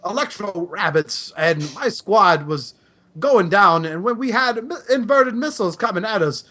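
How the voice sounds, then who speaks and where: A man voicing a grizzled old male robot war veteran, telling tall war stories in a halting, exaggerated impression. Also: high voice, animated, sharp tone, voice pushed up, exaggerated voice. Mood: boastful.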